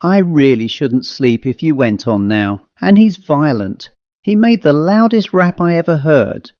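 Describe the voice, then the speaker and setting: A man's voice: fairly high pitch, very animated, measured pace, no room sound. A man voicing a nervous young woman medium in a lifted, anxious voice for an audiobook story. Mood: uneasy. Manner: light raised voice, anxious. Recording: dull lo-fi dry recording.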